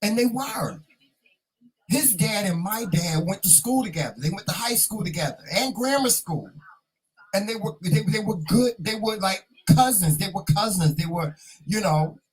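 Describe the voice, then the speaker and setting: A man from North Carolina, chatting casually on his vlog as host, repeating himself and sounding proud and excited. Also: high-pitched, normal speed, slightly rough, rough recording.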